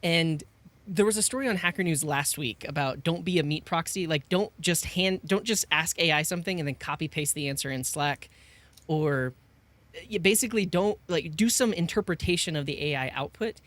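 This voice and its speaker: A man's voice: on the high side, a little fast, a bit bright, no echo. A man co-hosting a tech podcast, explaining his views in an earnest, opinionated way. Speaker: podcast co-host. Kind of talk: casual tech podcast chat.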